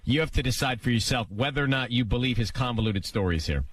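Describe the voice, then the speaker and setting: A man's voice: medium pitch, fast, a bit bright, breathy edge. A male radio co-host with a mid-range voice, pressing and interrogating as he questions a caller. He sounds a little distant from the mic.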